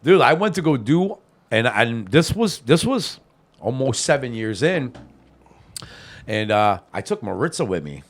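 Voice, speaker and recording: A man's voice: medium pitch, sing-song, measured pace. A man hosting a podcast, telling a story in casual chat, laughing often and swearing freely. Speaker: podcast host.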